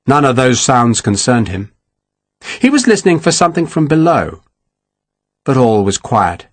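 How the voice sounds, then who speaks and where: A man narrating a historical war novel in a measured, expressive storytelling manner. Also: medium pitch, no echo. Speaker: audiobook narrator. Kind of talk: scripted narration.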